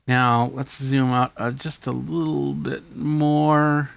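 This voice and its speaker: A man's voice: medium pitch, completely flat delivery, slow pace, gravelly, dry recording. A man hosting a tech video, casually and enthusiastically demonstrating camera gear hands-on. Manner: casual, enthusiastic show-and-tell.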